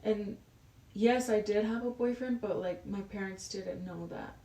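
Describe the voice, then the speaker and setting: A woman's voice: medium pitch, normal speed, mellow. A woman in her twenties, a podcast guest, telling a personal story in a casual, chatty way with a lot of "like" fillers. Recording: roomy echo, distant from the mic.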